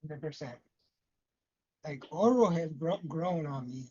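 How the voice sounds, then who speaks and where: A mellow co-host whose voice rises and falls a lot, tossing in easygoing comments and questions during a wrestling chat. The audio is dull and lo-fi. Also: medium pitch, animated, measured pace, breathy edge. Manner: laid-back, laughing reactions and asides. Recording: muffled lo-fi audio.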